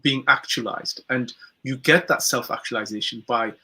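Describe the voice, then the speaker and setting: A podcast co-host talks in a bright, tense, husky voice at a mid pitch. He reflects on his thoughts slowly and uses plenty of hesitant fillers. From United Kingdom. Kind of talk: podcast discussion.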